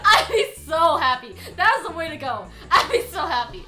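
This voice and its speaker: A woman's voice: sits high, animated, unhurried, few pauses, sharp tone. A young woman streaming, chatting casually, rambling, laughing often and swearing. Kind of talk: casual chat. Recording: faint music behind.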